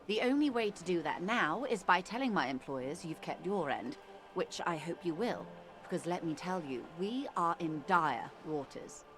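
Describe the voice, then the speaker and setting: Game role: a poised, formal negotiator, lowish voice, precise and measured, lilting delivery. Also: female voice, animated, fairly bright tone. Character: composed, formal middle-aged female negotiator. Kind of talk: video game voice acting.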